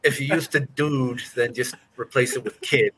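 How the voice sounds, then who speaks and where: A man's voice: mid-range voice, steady tone, moderate pace, bright, forceful tone. A man with a Boston accent, a comedian explaining words and slang in casual chat over a video call, stretching out the words he demonstrates. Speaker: comedian teaching a regional accent.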